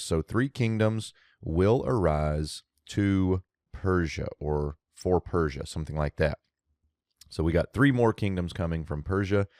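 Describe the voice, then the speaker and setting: A man's voice: low-pitched, darkish tone, no echo, clean studio sound. A man giving a methodical verse-by-verse Biblical Hebrew grammar lesson, explaining as he goes and thinking aloud.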